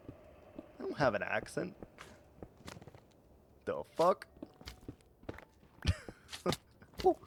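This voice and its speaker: A man's voice: medium pitch, huge pitch swings, slow, vocal fry, pauses often, fairly bright tone, a little hiss or hum. A man streaming a game, chatting casually and teasing his viewers, often laughing at his own jokes. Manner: teasing, playful banter with chat. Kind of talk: casual live-stream chat while gaming.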